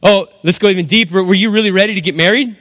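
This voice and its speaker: In a church hall with long reverb, a middle-aged pastor preaches an emphatic, repetitive sermon full of rhetorical questions. His voice sits high with a fairly bright tone, and he talks fast.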